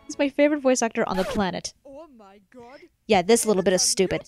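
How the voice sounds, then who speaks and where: A woman's voice: medium pitch, expressive, measured pace, long pauses, darkish tone, faint music behind. A young woman gives a rambling, casual commentary on her own fan-made series. She is chatty, often exasperated and laughs a lot.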